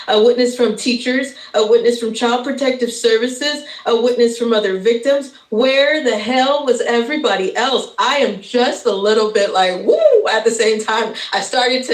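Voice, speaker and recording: A woman's voice: a little high, roomy sound, poor audio. A woman in her thirties giving an impassioned speech as a guest on a live stream, emotional and stumbling, with nervous laughs. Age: 30s.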